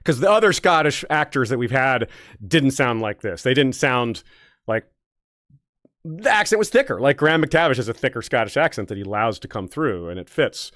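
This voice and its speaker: A man's voice: mid-range voice, big pitch swings, moderate pace, a bit bright, no echo, studio quality. A man co-hosting a casual discussion show, rambling with restarts and frequent laughs. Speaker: podcast co-host.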